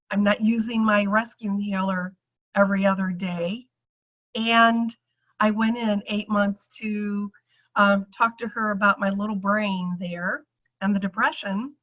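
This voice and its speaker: A woman's voice: mid-range voice, lo-fi sound. A middle-aged woman giving a chatty personal testimonial to an audience, acting out the voices she quotes.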